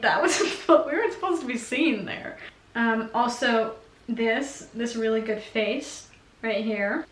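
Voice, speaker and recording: Chatty young woman, echoey room. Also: on the high side. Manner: chatty, giggly, lots of fillers. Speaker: vlogger. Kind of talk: casual chat.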